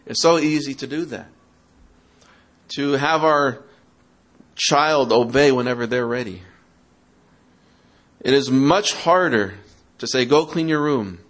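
Here a man preaches to parents slowly, with long pauses, in a mid-range, slightly bright voice. His sermon is interactive, full of questions to listeners and excuses he acts out in a mocking tone.

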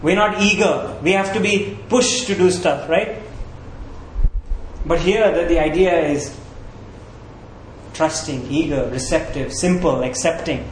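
A man's voice: on the high side, unhurried, long pauses, a little hiss or hum. A man preaching a sermon as pastor in a conversational, earnest way, often checking in with the listeners. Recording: roomy echo.

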